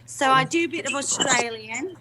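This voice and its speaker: A woman's voice: high-pitched, moderate pace, crowd noise. A woman with a Liverpool accent chatting on a video call, effusive and gushing. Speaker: guest actress. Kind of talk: casual video call chat.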